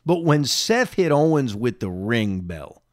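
Man, podcast host, lively pitch, dry sound, opinionated, lingering cough. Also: measured pace, no echo. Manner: animated, opinionated, talks to listeners directly. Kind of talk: solo reaction podcast.

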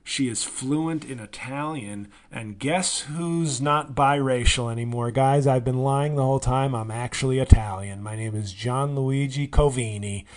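A man in his forties hosting a solo comedy podcast, rambling and self-mocking, sometimes breaking into loud excited yelling. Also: mid-range voice, a little slow, few pauses. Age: 40s.

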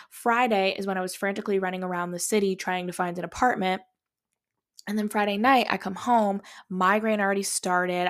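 A woman's voice: on the low side, a bit bright. A young woman hosting a podcast, telling a story in a casual, profane, dramatic way. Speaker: podcast host.

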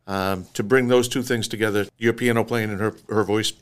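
A male podcast host praising his guest warmly, with halting restarts. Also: on the low side, fairly even intonation, smooth. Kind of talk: conversational podcast interview.

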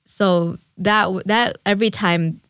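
A young woman sharing a personal recollection in an interview, speaking reflectively and haltingly with fillers and restarts. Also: mid-range voice, steady tone, fairly bright tone, clear, resonant tone, no echo, studio quality. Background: faint music.

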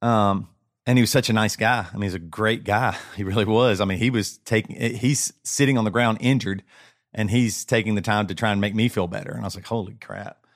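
A man with a lowish voice recounts what happened to him in an unsettled, stop-start way, often circling back over his own words. His speech is casual and close to the mic, with a dry sound and almost no room around it. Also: steady tone, dry recording. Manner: shaken, halting, many restarts and repeats. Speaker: podcast co-host. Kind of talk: casual chat, personal story.

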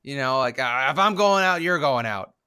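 A man's voice: medium pitch, lively intonation, normal speed, pushed and bright, clean tone. A man co-hosting a casual movie podcast, playful and wry, sometimes drawing out his words. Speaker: podcast co-host. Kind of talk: casual movie review chat.

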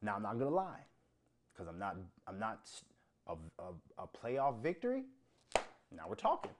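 A man's voice: fairly low pitch, big pitch swings, normal speed, background noise. Heated profane man ranting about sports. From Minnesota. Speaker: show host.

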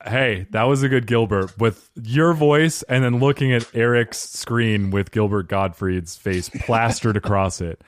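A man hosting a podcast, joking and quick to laugh. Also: medium pitch, no room sound, clean studio sound. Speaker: podcast host. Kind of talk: casual podcast chat.

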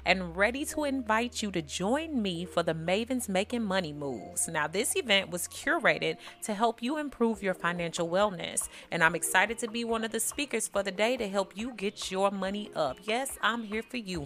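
A woman hosts her podcast with a bubbly, folksy warmth, talking to her listeners like friends. Her voice sits at a mid pitch. Faint music plays softly underneath her. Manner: bubbly, folksy, spells out web address slowly. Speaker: podcast host. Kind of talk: upbeat promo read.

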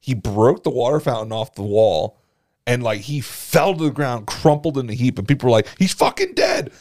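A man's voice: mid-range voice, moderate pace, a little mellow. A man co-hosting a podcast, telling crude, profane school stories in casual chat and laughing as he goes. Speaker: podcast co-host.

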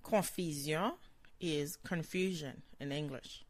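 Slow, deliberate language teacher. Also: mid-range voice, lively intonation, a bit bright, no echo. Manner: repeats each word several times, measured and clear. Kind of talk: slow vocabulary lesson.

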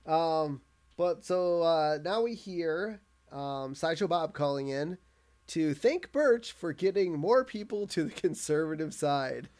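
A man's voice: on the high side, unhurried. A man co-hosting a podcast, recapping a cartoon episode in casual chat and acting out quotes. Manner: animated, acts out quotes in put-on voices. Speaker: podcast co-host.

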